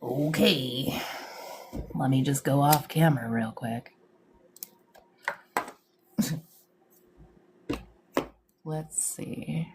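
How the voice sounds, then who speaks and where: A woman hosts a live stream as a psychic medium, chatting casually in slang, greeting viewers and laughing often. Her voice is extremely low in pitch and slow, with long pauses, and there is background noise.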